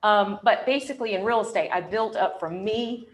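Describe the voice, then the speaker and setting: A woman's voice: mid-range voice, moderate pace. A woman real estate agent from North Carolina telling her own story on a panel, candid and chatty, with frequent ums.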